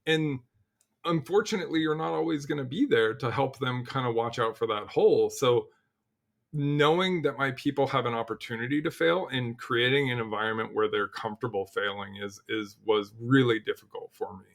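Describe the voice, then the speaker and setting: A middle-aged man, a guest on a podcast, telling stories in a casual, animated way, full of "like" and restarts, and acting out quotes. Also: mid-range voice, normal speed, creaky. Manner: animated storyteller, acts out quotes, frequent "like" and restarts. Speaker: podcast guest, cybersecurity leader. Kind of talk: casual interview chat.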